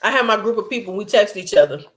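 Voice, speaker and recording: A woman's voice: mid-range voice, animated, quick pace. Blunt, chatty woman talking to camera. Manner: chatty, blunt, laughs often, mimics coworkers. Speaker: vlogger. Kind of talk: casual late-night chat to camera. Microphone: camera mic.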